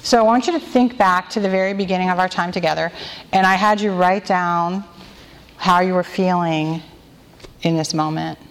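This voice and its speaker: A woman with a slightly low voice leads a devotional talk, gentle and prayerful, slowing right down on the phrases she wants repeated. Her voice rings out with a long reverb, as if spoken in a large hall. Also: steady tone. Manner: gentle, slow and prayerful, stretching key phrases. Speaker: women's retreat speaker. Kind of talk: devotional talk with group responses.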